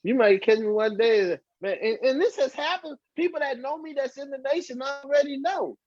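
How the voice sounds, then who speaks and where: A man's voice: very high voice, moderate pace, a little mellow, no room sound. A man telling his life story on a podcast, acting out the voices of the people in it. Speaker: podcast guest. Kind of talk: casual storytelling testimony. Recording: dull lo-fi dry sound.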